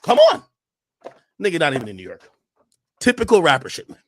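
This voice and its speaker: A man yelling a combative rant in a livestream clip, repeating himself and shouting over others. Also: fairly high pitch, huge pitch swings, fast talker, dry recording. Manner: loud, combative, repetitive yelling. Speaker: streamer in a played clip.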